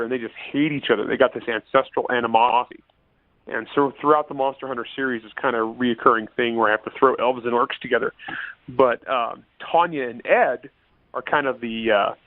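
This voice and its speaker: A man's voice: mid-range voice, no room sound. Male author guest, casual and chatty, laughs a lot, full of ums and restarts; thin phone-line audio. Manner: chatty, laughing often, many fillers and restarts. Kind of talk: casual interview chat. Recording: tinny phone-line sound, dry.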